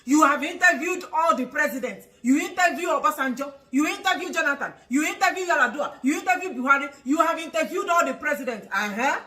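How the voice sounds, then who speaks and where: A woman with a Nigerian accent delivers an angry vlog commentary, firing rhetorical questions, laughing mockingly and sometimes shouting. Her voice is high, bright and sharp. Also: expressive, quick pace, few pauses, poor audio.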